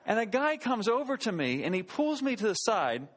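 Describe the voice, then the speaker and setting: A man's voice: high-pitched, sing-song, moderate pace, slight background noise. A man preaching a sermon, telling a self-deprecating story and joking as he goes. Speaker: pastor.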